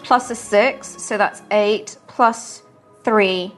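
A woman playing a tabletop game, animated and laughing as she counts her dice rolls. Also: medium pitch, faint music behind. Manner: animated, laughing, quick asides. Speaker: player. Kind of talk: casual tabletop game play.

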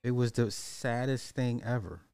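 A man, ranting in casual commentary, loose and animated, swearing and repeating himself. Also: medium pitch, measured pace, clean tone, dry recording, studio quality.

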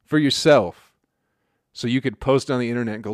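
A man hosting a show, telling a story in a profane, rambling comedic monologue with deadpan asides. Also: mid-range voice, fairly quick, dry recording, clean studio sound. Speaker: podcast host.

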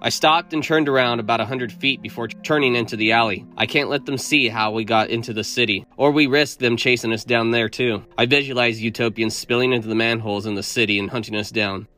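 A man with a mid-range voice narrates a first-person story in a steady, earnest way. His reading is even and measured, with soft music underneath. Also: medium pitch.

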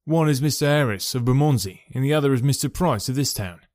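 Guy reading an eager young clerk, pitched up, keen and loud, dry audiobook sound. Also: fast, no room sound, natural voice. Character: excitable young male clerk. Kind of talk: audiobook character voice.

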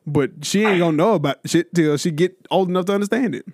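A man's voice: high voice, fast, darkish tone, no echo, studio quality. A man co-hosting a podcast, telling blunt, joking stories in casual banter. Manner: laid-back, blunt, joking storyteller. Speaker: podcast co-host.

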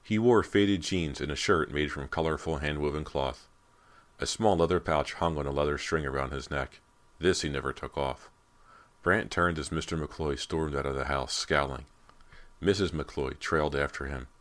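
Very deep-voiced male narrator. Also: moderate pace, a bit bright. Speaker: audiobook narrator. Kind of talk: scripted narration.

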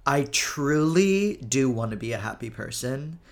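A man's voice: animated, measured pace, gravelly. A young adult man hosting a podcast, chatting casually in campy, gushing rants about films and comics. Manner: campy, gushing pop-culture rants with big pitch swings. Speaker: podcast host. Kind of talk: casual chat.

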